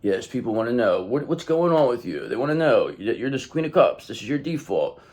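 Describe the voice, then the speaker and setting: A man's voice: mid-range voice, big pitch swings, brisk, a little mellow. A man hosting a casual tarot reading, rambling and repeating himself as he talks effusively to his viewers. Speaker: tarot reader and channel host.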